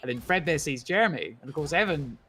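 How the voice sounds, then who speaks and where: A man's voice: a little high, fast, husky. A man in casual chat, animatedly walking through a scene he is animating and acting out bits of it. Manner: animated storytelling, acts out characters. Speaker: co-host, animator.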